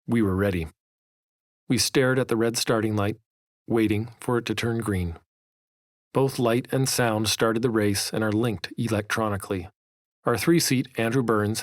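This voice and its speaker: A man narrating his own memoir audiobook in a measured, vivid storytelling manner. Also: medium pitch, dry recording, studio quality.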